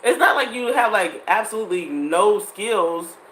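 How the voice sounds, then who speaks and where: A woman's voice: medium pitch, moderate pace. Chatty woman in her thirties, echoey room. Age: 30s. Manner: animated, laughing often, talks to her audience. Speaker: vlogger. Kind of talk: casual chat to viewers. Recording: echoey room with faint ambience.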